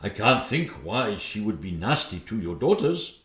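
A man's voice: on the low side, very animated, normal speed, a bit bright. A man voicing a bumbling, henpecked old king with a posh, dithering manner. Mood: flustered. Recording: echoey room.

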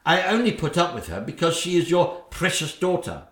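A man's voice: big pitch swings, moderate pace, fairly bright tone. A man voicing a spiteful, nagging stepmother queen in a comic parody. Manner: shrill, nagging, theatrical. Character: shrill scheming stepmother queen, woman, spiteful. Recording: echoey room.

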